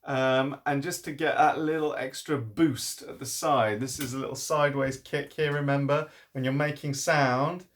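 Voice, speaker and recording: A man, teaching an online singing warm-up and coaching encouragingly between sung demonstrations. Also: medium pitch, steady tone, normal speed, few pauses. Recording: piano playing along.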